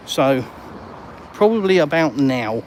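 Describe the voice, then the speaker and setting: A chatty, jokey Englishman walks and talks on a live stream, bantering with his viewers in a slightly raised voice. He holds his phone as he strolls outdoors, and clear street traffic rumbles behind him. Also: lively intonation, slow pace, darkish tone. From England. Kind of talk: walk-and-talk live stream, reading viewer comments.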